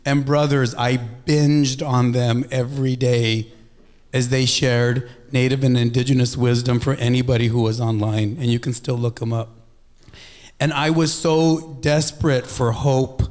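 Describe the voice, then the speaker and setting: A man hosting an event, introducing a speaker with a lively personal story, acting out his own thoughts with sudden high-pitched outbursts. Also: unhurried. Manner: animated, acts out his own inner voices with big pitch jumps.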